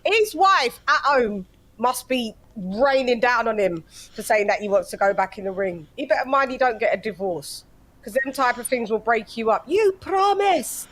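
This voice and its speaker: A man's voice: very high-pitched, animated, normal speed, fairly bright tone. A man with an English accent in a casual boxing chat, agreeable and talkative. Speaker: boxing show co-host.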